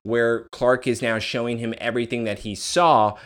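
A man's voice: mid-range voice, fairly even intonation, moderate pace. A man co-hosting a podcast, recapping a TV episode in casual chat with joking, sarcastic asides and easy laughter. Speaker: podcast co-host.

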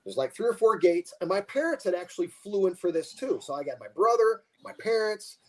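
Older male guest; high, very animated voice; rambling anecdote-teller. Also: a little fast, low-quality recording. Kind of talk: casual storytelling.

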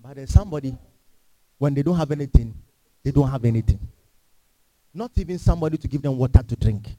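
A man's voice: medium pitch, fast, warm tone, dry recording. A man preaching a sermon in a church, emphatic and full of rhetorical questions to the congregation. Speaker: pastor.

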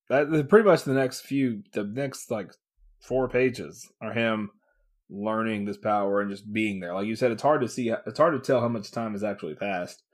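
A man co-hosting a podcast, chatting casually about a comic book, swearing, laughing often and acting out the characters' lines. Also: medium pitch. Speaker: podcast co-host.

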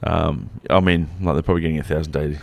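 A man's voice: very deep voice, steady tone, fast, creaky. An Australian man co-hosting a podcast in casual, blunt, joking banter with plenty of swearing. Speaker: podcast co-host.

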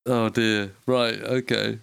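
A man's voice: on the low side, flat delivery, takes it slowly, gravelly, fairly bright tone, clean tone, no echo. A man co-hosting a podcast, chatting in loose, sweary banter that keeps tipping into giggles. He rambles from one story to the next. The recording is close and dry. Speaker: podcast co-host. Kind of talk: casual banter.

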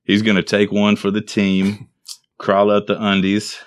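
A man hosting a relaxed group conversation, laughing often and steering the talk back to his topic. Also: fairly low pitch, measured pace, smooth, no echo. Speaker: podcast host. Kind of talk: casual group chat.

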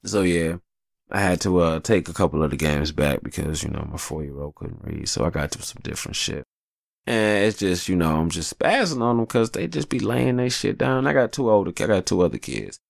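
A low, gravelly male voice swings widely in pitch as he tells a loose, swearing-heavy story about his kids. He sounds like a man in his thirties talking straight and unscripted. The sound is dry and close, with no room around it. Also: fairly quick, dry recording. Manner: animated, profane, slangy storytelling. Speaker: father telling a story. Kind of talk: casual storytelling to camera.

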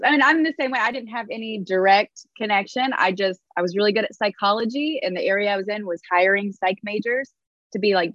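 A woman's voice: medium pitch, no room sound, dull audio. A woman in her early thirties from Indiana, a bubbly podcast guest who laughs often while chatting. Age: 30s. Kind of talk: casual podcast interview.

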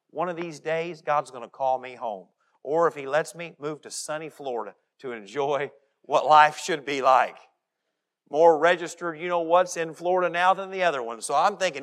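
A male pastor preaching a sermon, animated, and often acting out the voices of the people he quotes. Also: fairly high pitch. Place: church.

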